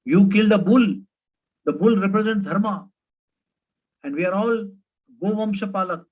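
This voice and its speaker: An indignant group of cowherd women, put on by a man telling the story, scolds and accuses in a raised, higher voice. They sound wounded and reproachful. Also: moderate pace, darkish tone, dull audio. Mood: accusing.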